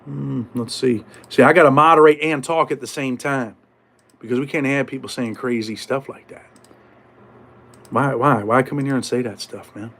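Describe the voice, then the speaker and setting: A man's voice: medium pitch, normal speed, gravelly, a bit bright. A middle-aged man hosting a live stream, talking casually in streetwise slang with swearing, acting out voices from prison life as he tells stories. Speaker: podcast host.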